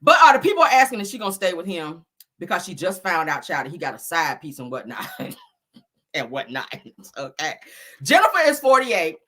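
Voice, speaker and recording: A woman's voice: on the low side, a little fast. A woman in her forties hosting a casual celebrity gossip vlog, talking to viewers with profanity and frequent laughter. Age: 40s. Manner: animated, profane, laughs often, addresses viewers as girl and child. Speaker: host.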